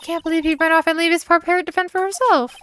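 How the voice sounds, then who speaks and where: A woman's voice: steady tone, fast, a bit bright. A woman voicing a spirited young female sidekick in a courtroom game, reading her lines in a bubbly, raised voice. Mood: excited. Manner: bubbly, high-pitched.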